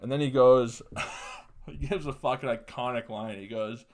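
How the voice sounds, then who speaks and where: A man's voice: mid-range voice, moderate pace, darkish tone. A young man hosting a solo podcast, telling a story casually, swearing constantly and laughing mid-sentence. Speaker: podcast host.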